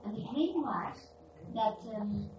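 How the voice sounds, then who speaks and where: Gentle woman in an echoey room. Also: mid-range voice, animated, dull audio. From India (Pune). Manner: gentle, unhurried, with pauses and restarts. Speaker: spiritual speaker recounting memories. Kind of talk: reflective spiritual talk. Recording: echoey room, distant mic, background noise.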